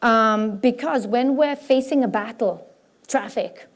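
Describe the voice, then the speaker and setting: Woman on stage at a spiritual conference, chatty and self-mocking, bit high voice. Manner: animated, self-mocking, breaks into quick voices for examples. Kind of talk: lively talk to a live audience. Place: stage before a large audience.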